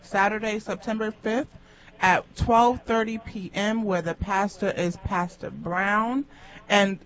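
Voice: medium pitch, steady tone, takes it slowly, a bit bright. A radio co-host reading church announcements carefully, with small hesitations. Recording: dull lo-fi radio broadcast.

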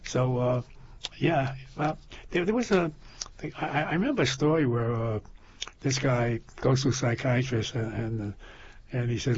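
A man's voice: medium pitch, normal speed, a little mellow, slight background noise. An older man in casual chat, rambling through stories with many restarts and laughing at his own jokes. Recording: dull lo-fi sound.

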